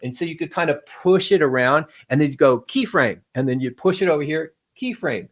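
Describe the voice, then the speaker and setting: A fairly high-voiced middle-aged man telling stories as an interview guest. He talks in a lively, animated way, slipping into put-on voices for quotes and laughing along the way. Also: fairly quick. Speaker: interview guest, game developer. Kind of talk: casual storytelling interview.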